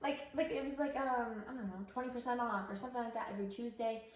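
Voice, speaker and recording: A young Canadian woman co-hosts a podcast, retelling a story in an animated, rambling way packed with fillers. Her voice is a little high and quick, recorded in a very echoey room with a slight hiss or hum.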